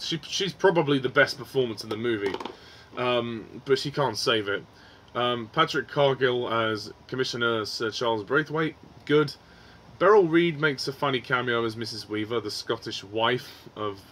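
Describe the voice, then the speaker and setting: A man's voice: mid-range voice, fairly bright tone, a little hiss or hum. Frustrated man ranting about a film. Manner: frustrated, swearing, with frequent ums and restarts. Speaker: film reviewer.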